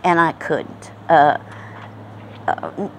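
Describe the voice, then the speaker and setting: This middle-aged vlogger from New England draws out her words in a low voice, with a little background noise. She reminisces casually and rambles folksily with lots of fillers, speaking in a mix of Southern and New England American accents.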